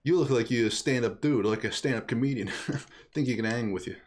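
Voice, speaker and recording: A man's voice: medium pitch, a little fast, natural voice. Casual and cocky, a man doing a slangy male fighter with a laid-back drawl and a middling voice, the game character who acts like he owns the ring.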